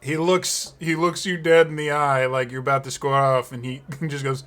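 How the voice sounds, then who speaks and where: A man's voice: medium pitch, level tone, normal speed, hardly any pauses, a bit bright. A man narrating a tabletop game as game master, rambling and full of fillers and laughter.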